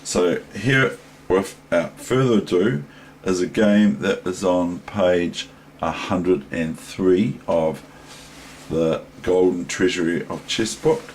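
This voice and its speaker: Slow, deep-voiced New Zealand chess teacher. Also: male voice, a little mellow, slight background noise. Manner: rambling, digressive, thinking aloud. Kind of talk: casual chess lesson.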